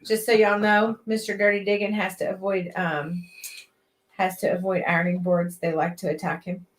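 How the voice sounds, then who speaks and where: A woman co-hosts a late-night livestream from a metal shop. Her voice sits at a middle pitch, and she chats easily while reading viewer comments aloud. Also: flat delivery, moderate pace. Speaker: livestream co-host.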